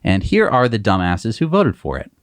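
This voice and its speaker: A man co-hosting a casual news chat, expressive and mocking. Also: fairly low pitch, normal speed, no echo. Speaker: co-host.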